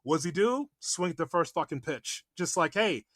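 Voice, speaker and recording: A man co-hosting a sports podcast who rants excitably, his voice jumping up as he gets going. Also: on the high side, moderate pace, dry recording. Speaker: podcast co-host. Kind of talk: casual sports chat.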